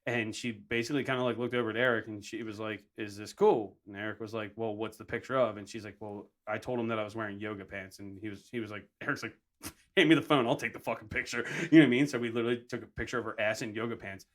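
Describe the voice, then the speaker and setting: A man's voice: fairly low pitch, fast talker, hardly any pauses. A young man co-hosting a podcast, telling a story in casual chat, swearing often and acting out what people said. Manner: profane, excitable, acts out quoted lines. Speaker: podcast co-host.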